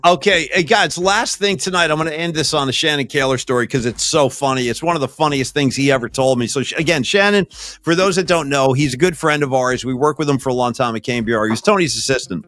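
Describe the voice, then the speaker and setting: A man, co-hosting a podcast in a casual, animated storytelling manner. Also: mid-range voice, fast, dry recording. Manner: animated storyteller, laughs often. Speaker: podcast co-host.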